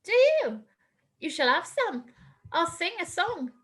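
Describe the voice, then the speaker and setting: A woman's voice: very high-pitched, sing-song, slow pace, a bit bright, exaggerated voice. A woman reading the part of a cheeky, boastful man who banters with the maid. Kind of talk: script read-through.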